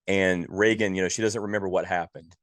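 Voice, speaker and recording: Male podcast co-host, very low voice, dry close sound, exasperated and profane ranting. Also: steady tone, a little fast, a bit bright, no room sound. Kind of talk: casual movie review chat.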